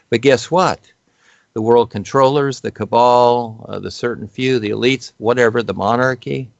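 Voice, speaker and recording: A man's voice: on the low side, creaky, no echo, lo-fi sound. A man speaking as a guest on spiritual topics, explaining in a rambling way with many fillers and restarts.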